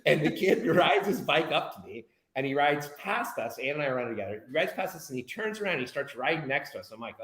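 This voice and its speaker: An American man telling a personal story in an animated, candid way, sometimes swearing. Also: fairly high pitch, fast, few pauses, roomy sound, rough recording. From United States. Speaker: guest speaker. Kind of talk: casual storytelling.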